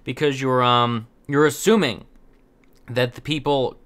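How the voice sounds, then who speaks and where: A man's voice: medium pitch, fairly even intonation, a little slow, fairly bright tone. A young man giving casual opinion commentary as host, rambling with many fillers and restarts.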